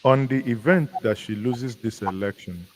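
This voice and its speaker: A man from Nigeria with a Nigerian accent, chatting as a guest commentator in a casual live discussion, musing and halting with many restarts. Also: medium pitch, poor audio. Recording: faint background noise.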